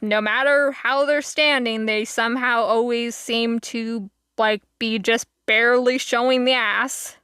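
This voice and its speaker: A woman's voice: a little high, bright, forceful tone, smooth, dry recording, studio quality. A woman streamer chatting casually to her viewers, rambling with many fillers and laughing asides. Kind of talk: casual live-stream chat.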